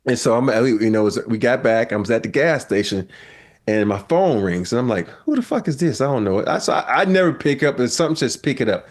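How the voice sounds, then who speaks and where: Animated man telling stories. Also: medium pitch, brisk. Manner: animated storyteller, acts out quotes with laughs. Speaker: podcast host, former basketball player. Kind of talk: casual storytelling chat.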